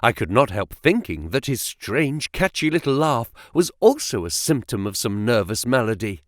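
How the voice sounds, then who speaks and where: A man's voice: mid-range voice, sing-song, moderate pace, no room sound, studio quality. A man narrating an audiobook, telling the story with expression. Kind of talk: scripted narration.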